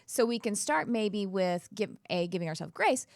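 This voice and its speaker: Woman podcast host, mid-pitched, earnest and reflective, dry close sound. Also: lively intonation, normal speed, a little mellow, dry recording. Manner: earnest, reflective, with frequent self-corrections. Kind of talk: casual conversation.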